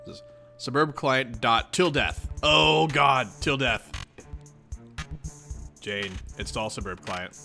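A man's voice: mid-range voice, slow pace, creaky, pauses often, soft background music. A man casually reading a webcomic aloud to his viewers, laughing often and chatting with them between lines. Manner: giggly, excitable, talks to chat. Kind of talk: casual read-along commentary.

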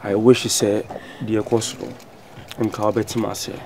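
A man's voice: fairly low pitch, level tone, moderate pace, noisy background, natural voice. A man with a Ghanaian accent playing an obsessive man who insists a married woman is his wife, in a web drama. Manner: insistent, pleading.

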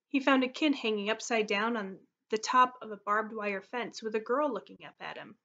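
A woman teacher reading a story aloud to her class, expressive and steady, on a muffled recording. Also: fairly high pitch.

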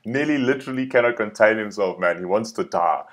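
A man hosting a reaction video, often laughing and breaking into excited exclamations. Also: on the low side, fairly quick, soft background music. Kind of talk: reaction commentary.

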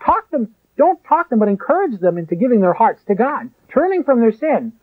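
A man preaching a sermon in an emphatic way, with sharp rises and drops. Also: very high voice, big pitch swings, a little fast. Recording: tinny phone-like lo-fi recording.

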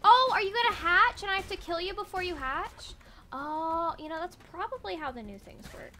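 With a bright, forceful tone at an extremely high pitch, a young woman chats at normal speed through her let's-play, swearing and talking to the game's characters. She creates gaming videos, and game music plays behind her casual commentary.

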